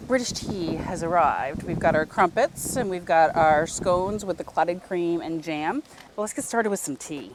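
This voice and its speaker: A woman's voice: lowish voice, a little slow, music in the background. A woman from the American South hosting a casual food vlog, chatty and goofy, laughing easily. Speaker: vlog host. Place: outdoor tea house seating.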